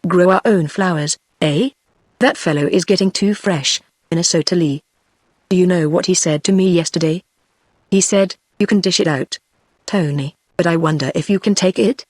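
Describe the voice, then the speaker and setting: A text-to-speech voice reading the lines of a cajoling, domineering gangster boss, in the same even machine delivery. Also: medium pitch, moderate pace, no room sound, studio quality, natural voice. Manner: same even synthetic read as narration.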